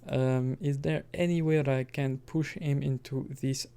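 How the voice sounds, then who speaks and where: A man's voice: medium pitch, steady tone, unhurried, gravelly, mellow, smooth. A man giving casual let's-play commentary, rambling and correcting himself, with chuckling asides. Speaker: gaming commentator.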